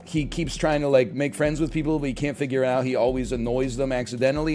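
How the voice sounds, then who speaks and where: A man's voice: medium pitch, fast, few pauses, a little mellow, faint music behind. A young man streaming games, chatting casually in a sarcastic, profane, ranting way. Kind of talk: casual gaming stream chat.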